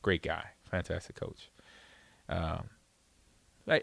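A man's voice: on the low side, normal speed, no room sound. A middle-aged man, a former pro football player, telling a story in a casual way, acting out the voices of others and laughing often. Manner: animated, acts out quoted voices, laughs often.

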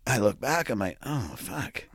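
A man's voice: medium pitch, expressive, measured pace, fairly bright tone, breathy edge, dry recording, clean studio sound. A middle-aged man telling a rambling, profane story in a casual podcast chat, laughing often. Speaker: podcast co-host.

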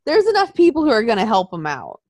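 A woman's voice: a little high, huge pitch swings, fast talker, a little mellow, no echo. A woman co-hosting a casual wrestling chat, profane and mocking, talking close to a dry mic.

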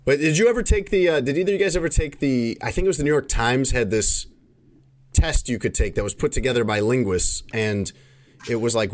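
A man's voice: medium pitch, brisk. A man from Chicago hosting a podcast, telling long, rambling stories in casual chat. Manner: chatty, rambling storyteller.

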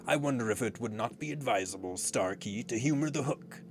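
A man's voice: mid-range voice, fairly quick, faint music behind, lightly acted. A man reading aloud and voicing a theatrical, menacing pirate captain who purrs his threats. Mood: purring menace. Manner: silkily purring, then thundering.

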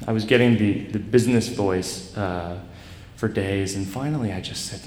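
A man telling a personal story to a live audience with a rambling, self-deprecating delivery full of halting restarts. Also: lowish voice, darkish tone, slight background noise. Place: stage in a large hall. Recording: echoey live hall recording.

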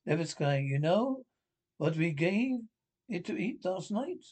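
A whiny, scared lab assistant. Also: male voice, high voice, sing-song, measured pace, darkish tone, husky, full character voice. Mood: worried. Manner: whiny, folksy and pleading. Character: timid frightened young male lab assistant. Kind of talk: 1930s radio acting.

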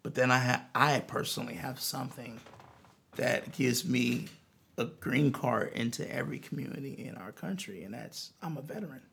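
A man guest telling a long personal story in an interview, earnest and animated, often restarting his sentences. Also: medium pitch, normal speed, creaky, husky. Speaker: musician guest.

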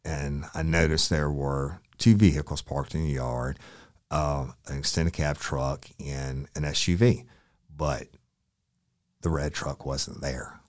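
Male storyteller, ex-lawman, very deep and dry, casual and profane. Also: steady tone, slow pace, no room sound. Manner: casual, profane, quotes people in dialogue. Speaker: former sheriff's investigator. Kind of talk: storytelling, recounting a case.

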